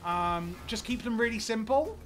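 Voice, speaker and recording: A man live-streaming a game, chatting casually with viewers in an excitable, rambling way, often stammering and repeating words. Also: high-pitched, normal speed, faint music behind.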